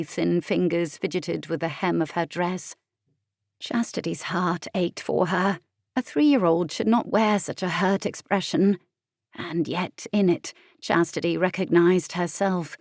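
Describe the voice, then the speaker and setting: A woman tells the story with expressive, lively delivery. Her voice sits somewhat low for a woman. The recording is dry and close, with no room echo. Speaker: audiobook narrator. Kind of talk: scripted audiobook narration.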